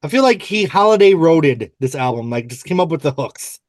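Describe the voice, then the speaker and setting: A man with a fairly high voice hosts a casual music podcast. He is playful and rambling, often drifting off topic. The sound is dry and close. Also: expressive, moderate pace, no echo. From United States. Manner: rambling, playful, goes off on tangents. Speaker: podcast host. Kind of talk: casual chat about music.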